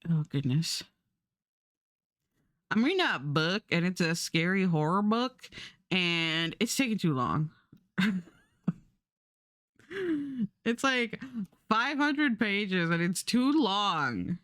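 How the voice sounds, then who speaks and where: A woman's voice: fairly low pitch, sing-song, slow, long pauses, a bit bright, no room sound, clean studio sound. A young adult woman streaming, chatting casually and rambling while she draws, swearing now and then.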